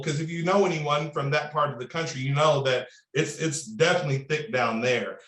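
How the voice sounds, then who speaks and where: A man in his thirties with a Southern Indiana accent, telling stories as a panelist in a discussion, animated and drawling. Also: fairly high pitch, a little fast, few pauses, reverberant. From Southern Indiana, USA. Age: 30s. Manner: animated, drawling, repeats words when starting.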